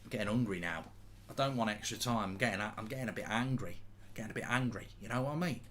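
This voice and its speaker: A man's voice: on the low side, fast, heavy background noise. A man giving casual, jokey live football commentary and reading out viewer comments.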